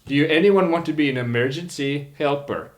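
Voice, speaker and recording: A man's voice: on the high side, a little fast, pitched above the performer's own voice, lightly acted. A man voicing a boisterous, jovial gator riverboat captain with an odd mixed Australian-Scottish twang and cheery showman announcements. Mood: jovial welcome. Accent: odd mixed Australian-Scottish put-on twang.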